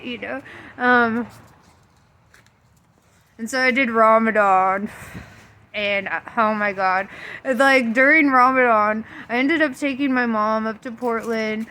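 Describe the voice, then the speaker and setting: A woman talking through spiritual ideas in loose, casual chat, breaking into laughter often and swearing freely. Her voice sits a bit high and sounds sharp and bright. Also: measured pace, a little hiss or hum. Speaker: tarot reader and spiritual vlogger.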